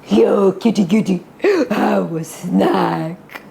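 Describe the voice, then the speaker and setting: A woman voicing a sly, smooth-talking male wolf in a children's story enactment, speaking slowly and coaxingly. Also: mid-range voice, steady tone, mellow, a little hiss or hum, voice pushed down, exaggerated voice. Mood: luring. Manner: slow, coaxing, drawn-out.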